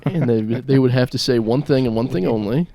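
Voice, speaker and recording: Gravelly young man joking deadpan. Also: medium pitch, a little fast. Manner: crude deadpan joking, frequent laughs. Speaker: podcast co-host. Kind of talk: casual comedic podcast banter.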